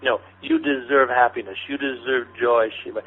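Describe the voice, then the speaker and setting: A man working as a spiritual teacher, giving gentle guidance and answering listeners' questions in a soothing, repetitive way, calling them honey and sweetie. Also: medium pitch, steady tone, moderate pace. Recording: phone-like lo-fi radio recording with faint noise.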